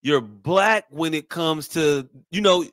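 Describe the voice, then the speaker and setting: Male podcast co-host, high-pitched, animated and profane, dry close mic. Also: takes it slowly, no room sound. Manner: animated, profane, mocking put-on voices. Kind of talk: casual podcast chat.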